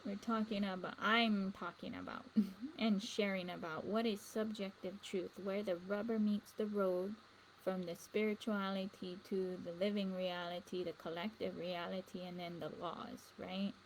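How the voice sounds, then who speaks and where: A woman's voice: medium pitch, fairly even intonation, moderate pace, low-quality recording. A woman muses aloud in a loose spiritual monologue. She circles back on her own words and drifts into asides. Faint noise sits under her voice. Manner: meandering, repeats words, trails off into asides. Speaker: spiritual vlogger.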